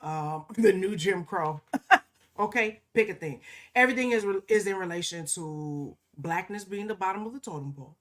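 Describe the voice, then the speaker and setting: A woman co-hosts a podcast, talking casually and emphatically, often capping her points with "okay?" and slipping into mocking quoted asides. Her voice is medium-pitched and fairly bright, at a moderate pace.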